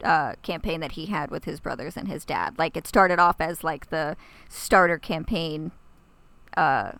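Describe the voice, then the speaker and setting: A woman's voice: low voice, unhurried, fairly bright tone, no echo. A woman co-hosting a podcast, chatting casually and gushing with enthusiasm. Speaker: podcast co-host. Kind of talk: casual chat.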